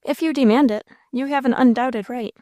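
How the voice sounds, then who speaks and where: A woman voicing a calm, kind male minister who speaks quietly, gently and with firm authority. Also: high-pitched, normal speed, no room sound, clean studio sound, lightly acted.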